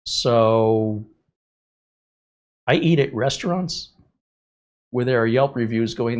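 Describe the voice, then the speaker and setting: A middle-aged man hosting a casual live stream, telling stories in an animated way and laughing often. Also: mid-range voice, slow pace, long pauses. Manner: animated storytelling, frequent laughter. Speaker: host.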